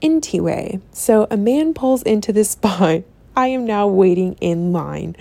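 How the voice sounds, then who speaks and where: A young woman telling a rant-style story as a vlogger, profane and animated, with laughing asides and exasperated outbursts. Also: medium pitch, dry recording. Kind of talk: ranting storytime.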